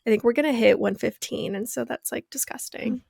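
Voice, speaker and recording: Young woman, raised pitch, fry in the voice, chatty co-host, dry close sound. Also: brisk, a little mellow, dry recording. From Arizona, US. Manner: chatty storyteller, lots of "like" fillers. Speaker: podcast co-host. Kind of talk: casual chat.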